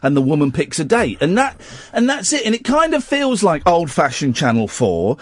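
A man's voice: on the high side, huge pitch swings, normal speed, no room sound. A man hosting a late-night radio phone-in from the studio, bantering playfully with callers. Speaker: radio host.

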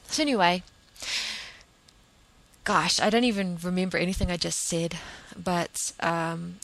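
Nz woman rambling on her podcast, kinda low voice, earnest and emphatic. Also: gravelly, a bit bright, poor audio. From New Zealand. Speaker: podcast host. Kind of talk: solo podcast monologue.

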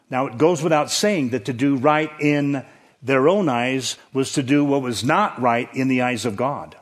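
A man's voice: medium pitch, normal speed. A man preaching a sermon as a pastor, teaching through scripture in a conversational way that lifts for emphasis. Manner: conversational Bible teaching, rising emphasis on key points.

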